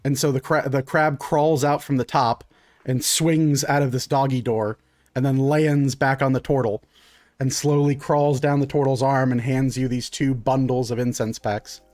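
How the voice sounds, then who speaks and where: A man's voice: mid-range voice, fairly even intonation, moderate pace, a little mellow, no room sound, studio quality. A man narrating a tabletop game as game master, in a loose, rambling way with frequent restarts.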